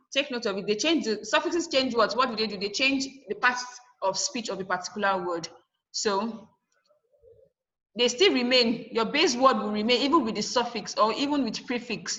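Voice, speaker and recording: A woman with a fairly high, sharp voice teaches an online class over a video call, recorded with lo-fi sound. She poses questions and answers them herself, and repeats key points for emphasis.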